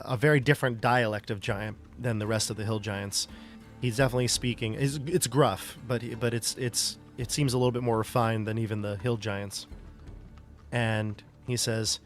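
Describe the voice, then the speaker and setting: A man narrating as game master of a tabletop game, loose and rambling with many fillers. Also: mid-range voice. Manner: loose, rambling narration full of "like" and "you know".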